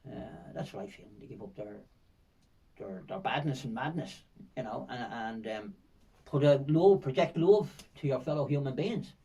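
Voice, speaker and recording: An older man with a Dublin accent tells vivid, winding stories as a podcast guest, looping back with fillers and repeated words. His voice is dark and mellow. He sits a little away from the microphone. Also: medium pitch, expressive, normal speed, vocal fry, breathy edge, recorded from a distance, poor audio. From Ireland. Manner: rambling, vivid storytelling with frequent fillers and repetitions. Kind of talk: storytelling in a podcast interview.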